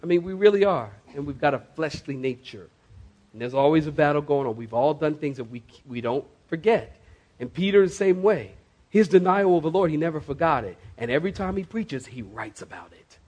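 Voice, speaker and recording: A man preaching a sermon to a congregation in a church, slowing down sharply to stress key phrases and rising in emphatic bursts. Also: a little high, lively intonation, darkish tone. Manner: preaching with dramatic slowdowns and sudden rises. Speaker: pastor. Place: church sanctuary.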